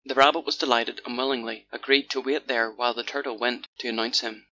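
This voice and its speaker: Male audiobook narrator for children's fairy tales; very bright, crisp delivery, lo-fi with faint hiss. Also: mid-range voice, steady tone, a little fast.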